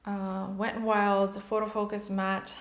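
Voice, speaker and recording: Woman, 30s, beauty vlogger, candid casual chat, medium pitch, echoey home room. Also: little pitch movement, unhurried, background noise. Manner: candid, chatty, emotional at times. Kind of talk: casual chat while doing makeup.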